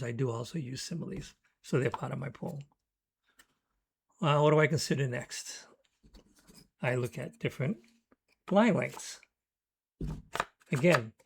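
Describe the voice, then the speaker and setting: Here a poetry teacher gives an educational talk on his poem-writing process, reading out short words as examples in a reflective, teaching way. His mid-range voice carries vocal fry and a slight roughness.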